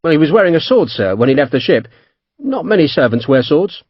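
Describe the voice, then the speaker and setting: A man's voice: fairly high pitch, sing-song, a little fast, no room sound, highs cut off. A man voicing a plain-spoken, guarded army officer in an audiobook, respectful and careful with his words. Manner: respectful, careful, says sir. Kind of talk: audiobook character voice.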